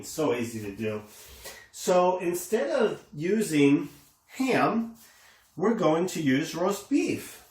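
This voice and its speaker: A man casually demonstrating a recipe in a kitchen, enthusiastic and exclaiming over the food as he works. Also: on the high side. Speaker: home cooking host. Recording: echoey room, faint noise.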